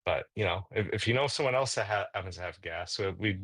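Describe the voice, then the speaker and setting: A man's voice: low voice, fast, fairly bright tone, dry recording. A man playing a tabletop role-playing game in character, rambling with lots of stammers and restarts. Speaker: player.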